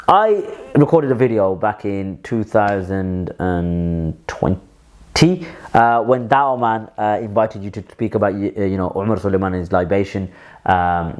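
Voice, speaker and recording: A man's voice: deep voice, a little mellow. A man recording a heated video message that speaks straight to another person. He repeats his points for emphasis, and his speech is full of fillers and restarts. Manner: frequent filler words and restarts. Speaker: Muslim commentator. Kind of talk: direct-address video message.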